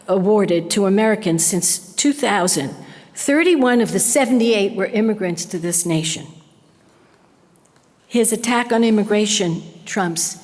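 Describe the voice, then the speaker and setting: An older woman giving an impassioned public lecture, speaking with emphatic conviction. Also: mid-range voice. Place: lecture hall. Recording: long hall reverb.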